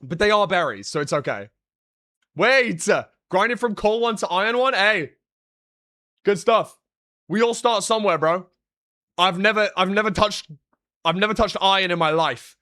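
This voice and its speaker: A young British man chatting casually on a live stream, joking and sarcastic, with quick swings in energy. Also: high-pitched, animated, bright, forceful tone, no room sound, clean studio sound. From Britain. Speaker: streamer and analyst.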